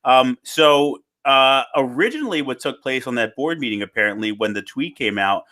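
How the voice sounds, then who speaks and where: A man co-hosting a casual chat podcast in an animated way. He reads tweets and book passages aloud to his co-host, with his pitch jumping up and down as he makes his points. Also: moderate pace.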